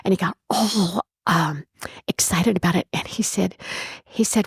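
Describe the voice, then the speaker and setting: A woman's voice: on the low side, a little slow, vocal fry, breathy edge, no room sound, clean studio sound. A woman who owns a bed and breakfast, telling stories in an interview in a chatty way, with frequent restarts. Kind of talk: storytelling in an interview.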